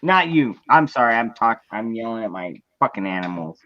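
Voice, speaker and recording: A man hosts a casual livestream, talking bluntly with plenty of swearing and calling out to viewers who drop in. His pitch sits in the middle range. The mic sounds dull, lo-fi and dry. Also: very animated, a little fast, pushed and bright, dry recording. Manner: blunt, profane, welcoming viewers. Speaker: livestream host.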